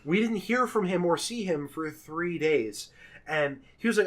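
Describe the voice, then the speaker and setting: Animated young man telling a story. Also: high voice, unhurried. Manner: animated, laughing, swears freely, acts out the people he quotes. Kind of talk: casual podcast storytelling.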